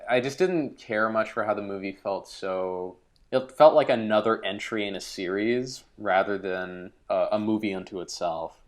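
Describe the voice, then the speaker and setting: A man's voice: lowish voice, normal speed. A man co-hosting a podcast, talking loosely and profanely in a casual movie review chat. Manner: loose, profane, filler-heavy. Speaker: podcast co-host.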